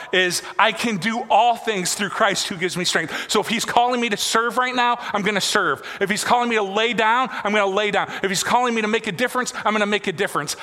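A high-pitched, bright-toned male pastor delivers a rhythmic sermon, repeating his lines in waves and dropping quiet for emphasis. His voice rings out in a church sanctuary with a long, trailing hall reverb. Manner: repetitive, rhythmic preaching with sudden soft drops.

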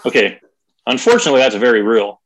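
Guy on a podcast, kinda husky voice, animated, swears a lot. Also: mid-range voice, fast, rough recording. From California. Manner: animated, swears freely, mimics voices for effect. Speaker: guest podcaster. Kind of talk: casual podcast chat.

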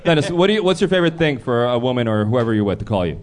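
Male host, mid-pitched voice, bawdy banter, laughs a lot. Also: big pitch swings, very fast. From Russian family background. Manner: joking, laughs often, drops voice for asides. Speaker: show host. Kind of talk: bawdy comedy chat.

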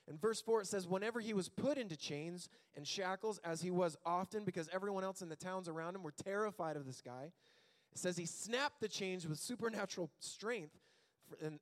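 A man preaching a sermon as pastor, telling a Bible story in an animated, joking way and acting out the quotes. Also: high-pitched. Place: church sanctuary.

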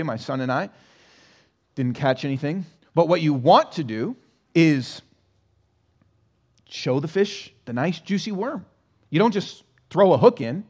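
A man's voice: on the high side, darkish tone. A man preaching a sermon as pastor in a church, talking conversationally and asking the congregation rhetorical questions. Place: church sanctuary.

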